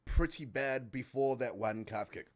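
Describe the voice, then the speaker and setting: A man's voice: medium pitch, measured pace. A man hosting a casual fight-sports podcast, teasing and swearing freely. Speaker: podcast host.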